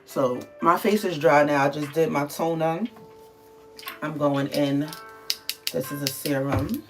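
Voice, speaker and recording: A livestream host from the Bronx, New York, chats casually and answers viewers' comments, loose with filler words. Her voice is deep, with fairly even intonation and a measured pace, heard over music.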